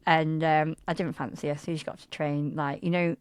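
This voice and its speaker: A woman in her thirties on a podcast, telling a dating story in casual chat and acting out quotes loudly with laughter. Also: a little fast, clear, resonant tone, no echo. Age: 30s. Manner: animated, laughing, acts out quotes in a loud high voice. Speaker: podcast co-host.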